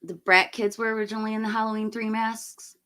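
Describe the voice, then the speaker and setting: A woman's voice: a little high, level tone, fast talker, fairly bright tone. A woman in her forties hosting a live stream, giving blunt, opinionated movie talk and breaking into laughing rants. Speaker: livestream host. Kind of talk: casual live movie review chat.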